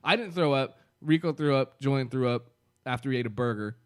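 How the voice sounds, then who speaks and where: A man's voice: medium pitch, a little fast, smooth. Laughing man telling a rowdy story. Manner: laughing storyteller, acts out quotes loudly. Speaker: podcast co-host. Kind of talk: casual storytelling chat.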